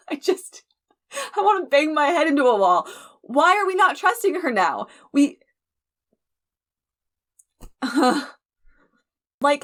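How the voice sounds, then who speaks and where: Animated young woman reacting to a show. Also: sits high. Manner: animated and emotional, laughs often, speeds up for sign-off. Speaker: reaction channel host. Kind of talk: casual reaction commentary.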